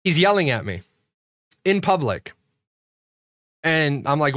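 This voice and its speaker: Profane, rambling man on a bright, dry mic. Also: a little high, very animated, takes it slowly, no echo. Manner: profane, ranting storyteller; rambling with frequent restarts. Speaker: streamer hosting a game community show. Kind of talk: casual livestream chat.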